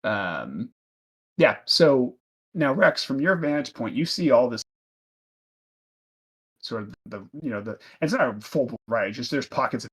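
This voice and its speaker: A man's voice: medium pitch, very animated, a little slow, pauses often, fairly bright tone, slightly rough. Casual male game master narrating. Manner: casual, loose, many fillers.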